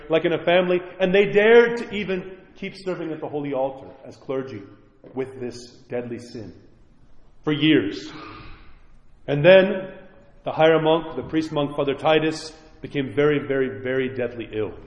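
A priest preaching with earnest, emphatic conviction, his slightly high voice carrying a long, echoing reverb. The sound is dull and lo-fi, as if caught by a modest mic in a large hall. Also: moderate pace, a little mellow. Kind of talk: sermon.

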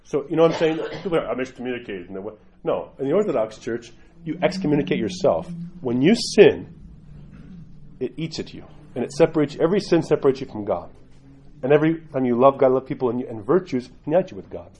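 A man's voice: mid-range voice, sing-song, a little fast, darkish tone, a little hiss or hum. A man who is an Orthodox priest, teaching in a loose conversational way and often checking in with "right?". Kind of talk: informal teaching talk.

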